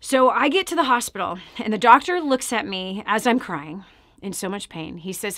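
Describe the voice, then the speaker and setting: A middle-aged woman hosting a show, giving an emphatic personal testimony straight to her viewers and sometimes dropping to a hush. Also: medium pitch, expressive, moderate pace, no room sound, clean studio sound. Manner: emphatic, addresses listener directly; drops to a hushed, near-whispered delivery. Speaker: show host.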